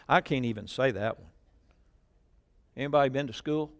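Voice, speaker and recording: A middle-aged man, preaching a sermon, jumping between loud shouted lines and quiet asides, and calling on the congregation to repeat phrases. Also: mid-range voice, normal speed, pauses often. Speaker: pastor. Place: church.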